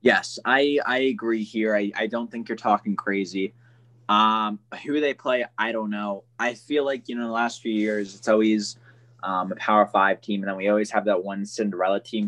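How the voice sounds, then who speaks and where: A man's voice: fairly low pitch, steady tone, normal speed, a bit bright. A man co-hosting a casual sports podcast, rambling and joking with frequent laughs.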